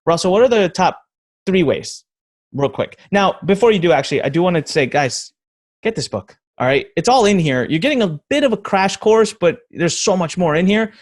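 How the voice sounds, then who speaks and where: Podcast host guy, chill and jokey, voice sits a bit high. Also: animated, moderate pace. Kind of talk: casual podcast interview.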